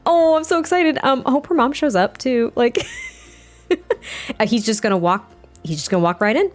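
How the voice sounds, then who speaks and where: Excitable young woman narrating gameplay. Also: a little high, normal speed, soft background music. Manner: excitable, chatty, with frequent gasps and laughs. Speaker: let's play gamer. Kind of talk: gameplay commentary.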